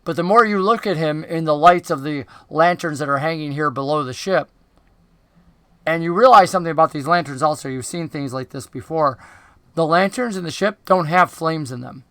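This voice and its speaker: A man's voice: on the high side, moderate pace, a bit bright, no echo. A man narrating a tabletop game as game master, chatty and enthusiastic with many fillers.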